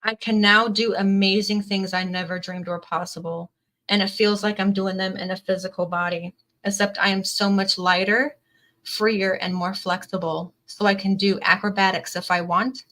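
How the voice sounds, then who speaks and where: A woman's voice: mid-range voice, steady tone, moderate pace, fairly bright tone, low-quality recording. A woman giving an earnest, emotional tarot reading to camera, reading card messages aloud and filling her talk with "definitely" and "like". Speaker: tarot reader.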